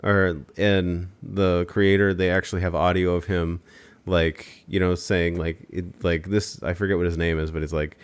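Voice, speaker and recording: A man's voice: low-pitched, little pitch movement, normal speed, clear, resonant tone. A man hosting a casual podcast chat, explaining things in a rambling, hesitant way with many fillers.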